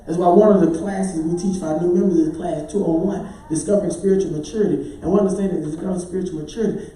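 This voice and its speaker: Recorded from a distance in an echoey church hall, a man with a warm, fairly high voice preaches as pastor in a large sanctuary. His sermon is rhythmic, rising to sung and hollered peaks.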